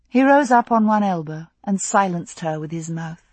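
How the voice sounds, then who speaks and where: Woman audiobook narrator, dry close sound, breathy low voice. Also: expressive, moderate pace, few pauses, a little mellow, no echo. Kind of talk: scripted narration.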